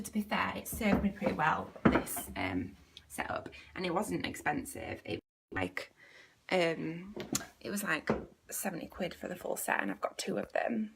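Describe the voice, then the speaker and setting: A woman's voice: medium pitch, gravelly, fairly bright tone, slightly rough. A woman hosting a casual live stream as a business coach, chatty and rambling, with many fillers and half-whispered asides.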